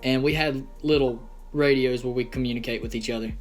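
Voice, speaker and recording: A young man in a personal vlog, telling a painful family story in an earnest, halting way with many pauses. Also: medium pitch, fairly even intonation, soft background music. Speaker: vlogger.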